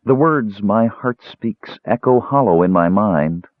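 A man's voice: on the low side, lively intonation, a little slow, dry recording. A man voicing an anguished young woman cleric who is doubting her faith, speaking in a trembling, pleading way. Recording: tinny phone-like dry sound.

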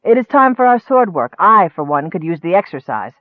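A man voicing a lively, teasing young noblewoman, recorded dry and tinny. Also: high voice, fairly quick, no echo. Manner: teasing, demure. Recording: dry, tinny, narrow-band.

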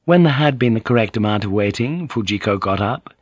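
A man narrating an audiobook in a measured, steady way. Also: lowish voice, slightly rough, dry recording, muffled recording. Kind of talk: scripted narration.

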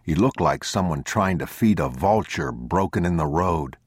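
A man reading a novel aloud as audiobook narrator in a measured, sombre, deliberate manner, recorded on a close mic. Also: low-pitched, lively intonation, husky, no room sound. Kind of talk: scripted literary narration.

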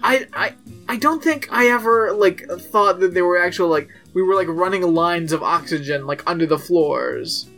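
Podcast cohost, sounds doubtful, asks lots of questions, quiet music in back. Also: mid-range voice, normal speed. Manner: skeptical, questioning. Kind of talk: casual chat.

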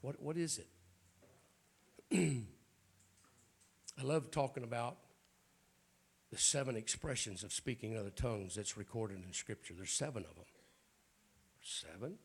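A man, a bishop, preaching a sermon at a church prayer night in a raspy voice with folksy jokes and frequent throat clearing. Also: mid-range voice, a little slow, long pauses. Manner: folksy, joking preacher talk.

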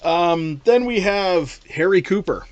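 Animated man chatting about a film. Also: sits high, slow pace, no room sound, dull audio. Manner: animated, rambling with restarts and playful impressions. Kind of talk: casual chat about a film.

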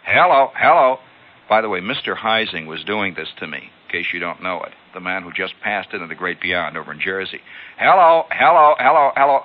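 A man hosting a radio show, telling a long story in an animated way and acting out sounds, heard on a lo-fi old broadcast. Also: deep voice, fast, few pauses. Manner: animated, acts out sounds and callouts. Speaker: radio host. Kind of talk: spoken storytelling monologue.

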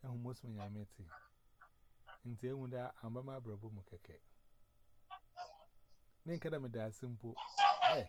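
A man in loud, animated casual banter, mixing Twi and English. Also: mid-range voice, moderate pace, long pauses. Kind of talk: casual chat. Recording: loud background noise.

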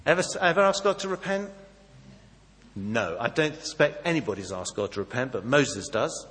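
A man preaching a sermon, acting out dialogue and swinging between soft and loud. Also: medium pitch, moderate pace, long reverb tail. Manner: animated, acts out dialogue, varies volume widely.

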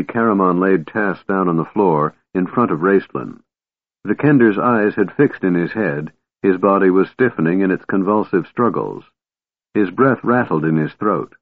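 A man reading a fantasy novel aloud as a narrator, in measured, even storytelling. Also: low-pitched, dry recording. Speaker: audiobook narrator. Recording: tinny phone-like band, dry.

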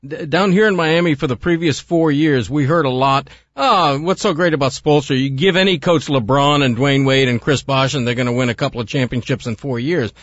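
A man co-hosting a sports talk radio show, measured and analytical in how he talks. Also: medium pitch, no room sound, highs cut off.

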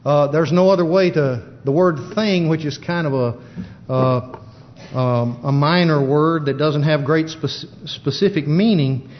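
A man giving a plain-spoken Bible teaching in a halting style with many fillers, recorded in a church. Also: fairly high pitch. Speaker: preacher. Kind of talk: sermon. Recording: dull lo-fi church recording with long reverb.

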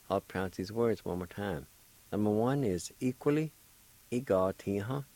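This Cherokee lesson on the radio comes from a man whose fairly low voice is warm and expressive, though the audio is poor. Slow and patient, he spells every word syllable by syllable while encouraging whoever is listening.

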